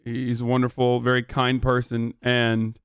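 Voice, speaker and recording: A man's voice: medium pitch, completely flat delivery, unhurried, clean tone, no room sound, studio quality. A man hosting a live stream in casual chat, talking loosely with rambling asides and frequent swearing. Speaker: streamer host.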